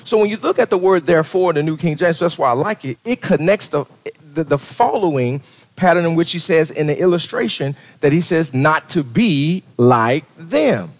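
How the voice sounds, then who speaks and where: A man's voice: on the high side, expressive, normal speed. A man preaching a sermon as pastor, talking conversationally, often asking "right?" and restarting his sentences.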